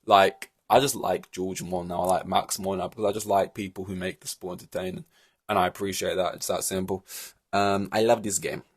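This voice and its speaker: Husky and low-pitched, this male podcast host talks fairly quickly through solo casual commentary. His delivery is rambling and animated, with frequent fillers, restarts, and laughter between points.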